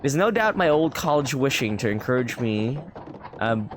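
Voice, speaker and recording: A man reading out the lines of a calm gentleman traveller from a game, in his own voice. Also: mid-range voice, normal speed, noisy background, lightly acted. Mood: brisk.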